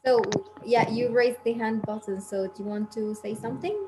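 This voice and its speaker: A woman's voice: on the high side, steady tone, moderate pace, over music. A woman hosting a casual online English class over a video call. She encourages students and asks them questions. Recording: noisy video call audio.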